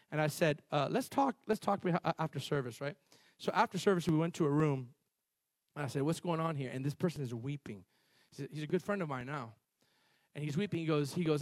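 Male pastor preaching, high-pitched and lively, restarts lines, dry close recording. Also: fairly quick, no room sound. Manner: animated storytelling, shifting between loud emphasis and quiet asides; repeats and restarts phrases, calls on the congregation. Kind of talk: sermon.

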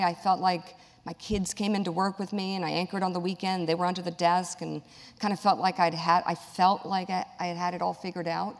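A middle-aged woman being interviewed before a live audience, telling a personal story candidly. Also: mid-range voice. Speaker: guest, author. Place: large hall with audience. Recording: long hall reverb.

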